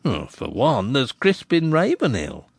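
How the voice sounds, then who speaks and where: A man voicing a gossipy village innkeeper who flatters and teases in a rustic dialect. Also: medium pitch, a little slow, no room sound, heavily acted. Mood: flattering. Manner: smooth, teasing flattery.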